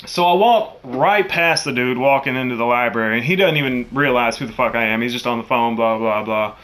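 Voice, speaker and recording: A young man telling a profane, animated story, jumping into loud quoted voices. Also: mid-range voice, a little fast. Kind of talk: casual storytelling.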